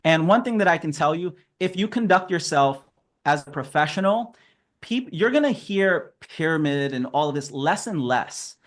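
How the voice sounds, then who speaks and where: A man's voice: on the high side, animated, moderate pace. A man giving a casual, upbeat sales training talk on a video call, chatty and laughing often.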